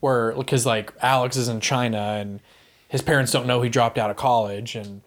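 A man talks casually on a movie podcast at an average pitch. He rambles through his points with animated energy and drops the odd swear word. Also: moderate pace. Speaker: podcast co-host. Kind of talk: casual chat about movies.

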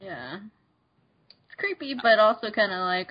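A woman joins a casual podcast chat, hesitant and full of restarts as she works through her point. Her voice is slightly husky, and the lo-fi recording dulls it. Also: on the high side, measured pace. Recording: dull lo-fi sound.

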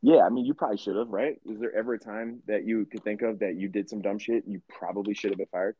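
A man's voice: lowish voice, fast, husky, no room sound, muffled recording. A young man co-hosting a podcast, telling rambling, profane stories in casual chat. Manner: profane, rambling, animated storyteller. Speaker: podcast co-host.

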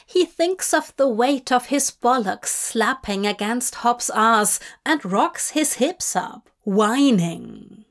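A woman reading a fanfic aloud as audiobook narration, in a measured, intimate way. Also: a little high, expressive, a bit bright. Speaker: fanfic reader.

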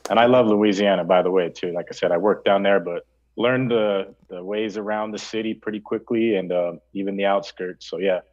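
A man's voice: low voice, fairly even intonation, fairly quick, a little mellow. A man from New Mexico hosting a podcast, rambling in casual chat with lots of fillers. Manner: rambling, with frequent fillers and restarts. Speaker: podcast host. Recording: dull lo-fi audio.

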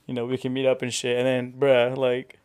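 A man at a middle pitch with a smooth, clear voice, talking casually on a podcast. He speaks in a laid-back way, swears freely, and reads messages out loud. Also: completely flat delivery, brisk. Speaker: podcast co-host. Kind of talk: casual chat.

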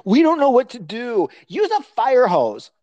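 A woman's voice: a little high, wildly swooping pitch, measured pace, mellow, no room sound, dull audio. A woman co-hosting a podcast in casual chat, ranting crudely and laughing often. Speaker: podcast co-host.

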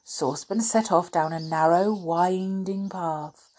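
A woman reading a children's storybook aloud, unhurried, breaking off for chatty asides to her listeners. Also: on the low side, steady tone, a little mellow.

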